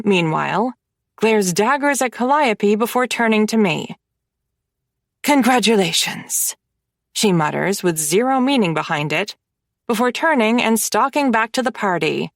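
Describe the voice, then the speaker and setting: A woman narrating a first-person romance audiobook in an expressive, wry manner on a close microphone. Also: medium pitch, creaky, dry recording.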